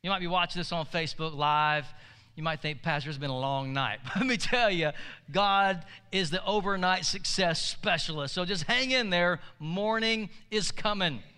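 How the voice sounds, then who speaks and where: A man's voice: high voice, normal speed, sharp tone, clear, resonant tone. A man pastor preaching a sermon, telling stories in a conversational way and calling on the congregation to respond. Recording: echoey hall.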